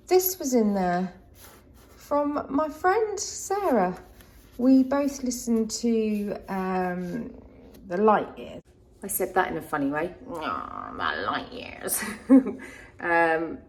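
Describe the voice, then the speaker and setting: Woman, home vlogger, unhurried soft delivery with whispered asides, faint outdoor hum behind. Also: medium pitch. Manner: soft-spoken, often half-whispered asides. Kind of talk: casual gardening vlog narration. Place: garden outdoors.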